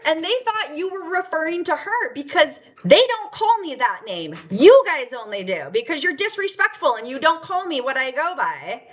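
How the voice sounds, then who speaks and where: A woman's voice: high voice, big pitch swings, moderate pace, fairly bright tone. A woman giving a raw, unscripted personal testimony, emotional and candid, rambling with laughs and the odd swear word. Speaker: vlogger sharing her life story.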